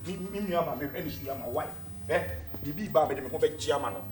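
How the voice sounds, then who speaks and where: A man's voice: fairly high pitch, fast, crowd noise, natural voice. An actor with a Ghanaian accent playing a flirtatious, boastful man who laughs a lot and mixes Twi with pidgin English. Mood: chatty. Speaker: Casanova tenant in a compound house. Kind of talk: comedy series acting. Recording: roomy echo.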